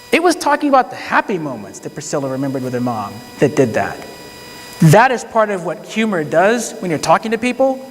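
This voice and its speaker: Man, high voice, storytelling talk on stage, long hall reverb, chatty, acts out dialogue. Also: a bit bright. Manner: conversational, quotes people in dialogue. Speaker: speaker telling a courtroom story.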